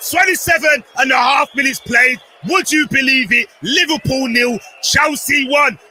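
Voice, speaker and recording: A man co-hosting a live fan watchalong stream, agitated and often shouting at the game as it unfolds. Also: very high voice, normal speed, soft background music. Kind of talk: live match watchalong chat.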